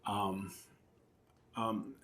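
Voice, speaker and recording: A man's voice: fairly low pitch, level tone, very slow, bright, forceful tone. A man, a professional oboist, talking in an interview and explaining his craft thoughtfully with emphatic repetitions. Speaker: principal oboist and oboe professor, interview guest. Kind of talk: conversational interview.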